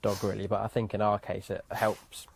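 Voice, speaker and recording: A man speaking calmly and haltingly in a documentary interview. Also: fairly low pitch, creaky, slight background noise.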